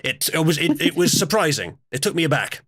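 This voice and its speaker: A man's voice: a little high, big pitch swings, a little fast, fairly bright tone. A man hosting a casual stream, telling a story in a rambling, hesitant way with many fillers. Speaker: stream host.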